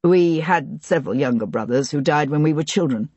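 Grieving, desperate gentleman in his thirties, husky and halting. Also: medium pitch, animated, no echo. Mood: subdued. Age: 30s. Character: grieving young gentleman, brother of missing woman. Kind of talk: audiobook character reading.

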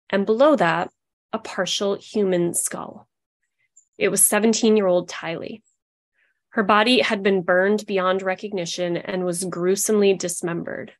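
A woman co-hosting a podcast, telling a true-crime story in a sarcastic, disgusted way. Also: medium pitch. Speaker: podcast co-host.

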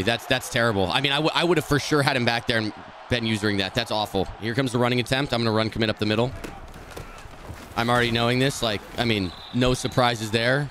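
A man streaming a football video game, talking through each play and often swearing and yelling at the game in frustration. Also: mid-range voice, slight background noise. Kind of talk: live gameplay commentary.

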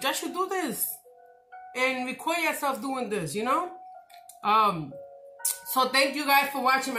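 Rambling, excitable woman vlogger. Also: medium pitch. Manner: rambling, talkative, animated and excitable; slangy, direct, says "y'all" and "your girl". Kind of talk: casual chat to camera.

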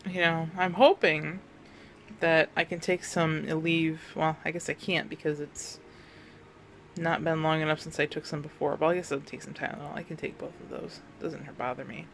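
A woman's voice: fairly low pitch, fairly bright tone, slight background noise. A woman vlogging casually, talking in a candid, matter-of-fact way. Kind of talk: casual personal vlog.

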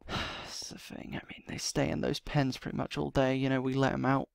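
A man's voice: mid-range voice, level tone, brisk, gravelly, clear, resonant tone, no room sound, clean studio sound. A man voicing his character in a game role-play, muttering to himself with sighs and then pleading urgently. He is out of breath. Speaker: roleplay series host playing his character.

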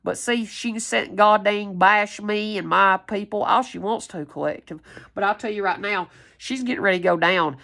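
Furious woman ranting, gravelly. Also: mid-range voice, normal speed, a bit bright. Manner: heated, profane, confrontational. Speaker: tarot reader vlogger. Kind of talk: angry rant to viewers.

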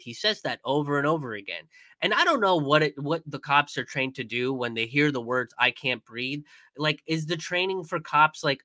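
A man's voice: a little high, animated, normal speed, pushed and bright, no echo. A young man commenting in a casual stream, angry and profane, with many fillers and restarts.

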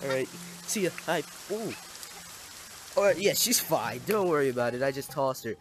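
A man's voice: medium pitch, animated, moderate pace, noisy background. A young man giving casual, playful gameplay commentary, exclaiming at and scolding the little villagers in his game.

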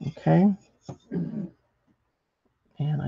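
Gravelly middle-aged woman instructor, chatty demo host, dry muffled recording. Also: low voice, a little slow, long pauses, dry recording. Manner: chatty, thinks aloud while working, many ums. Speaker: ceramics painting instructor. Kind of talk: live painting demonstration.

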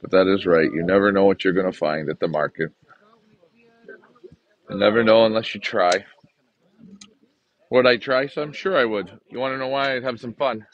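A man's voice: on the low side, moderate pace, long pauses, highs cut off. A man from Canada giving a chatty, upbeat, gum-chewing vlog as he walks through an outdoor pigeon market, filming on a handheld phone. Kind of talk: casual walk-around vlog. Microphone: handheld phone camera.

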